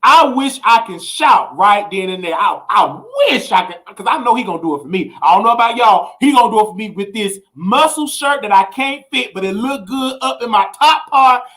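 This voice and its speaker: A man hosting a livestream talk show, swinging from preachy, excited exclamations and scatting sounds to relaxed explaining. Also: high-pitched, normal speed, few pauses. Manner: relaxed explaining when giving money tips. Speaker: show host.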